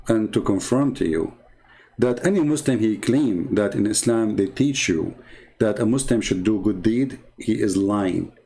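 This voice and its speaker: A man's voice: lowish voice, dark tone. Sarcastic, scolding man on a live stream. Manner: sarcastic, scolding and emphatic, often pausing to read comments. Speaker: online religious debater. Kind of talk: live-stream debate commentary.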